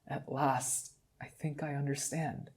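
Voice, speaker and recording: A man reading the lines of a grieving male wizard, speaking quietly and choked with emotion. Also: mid-range voice, flat delivery, takes it slowly, breathy edge.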